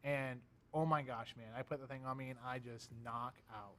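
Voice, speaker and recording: A man's voice: mid-range voice, steady tone, pushed and bright. A young man co-hosting a weather livestream, chatting casually and joking. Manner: quick, joking banter. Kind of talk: casual chat.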